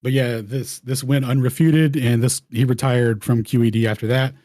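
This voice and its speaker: A man hosts a round table, talking loosely over his slides and often restarting phrases. His voice is mellow and relaxed, and the recording is dry and close. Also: medium pitch, moderate pace, no room sound. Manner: rambling, slangy, restarts mid-phrase. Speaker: host. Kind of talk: casual presenting over slides.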